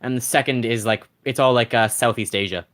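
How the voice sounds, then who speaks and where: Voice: mid-range voice, a little fast, a bit bright. A game streamer chatting casually on a live stream, rambling with many restarts and reading chat messages aloud at a desk mic.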